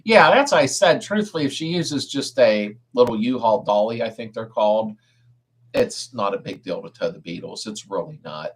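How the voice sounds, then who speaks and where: Husky laid-back man hosting a chat. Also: fairly low pitch, expressive, moderate pace. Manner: laid-back, chuckles often, answers car questions. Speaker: host of a live chat stream. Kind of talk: casual live-stream chat, reading viewer comments.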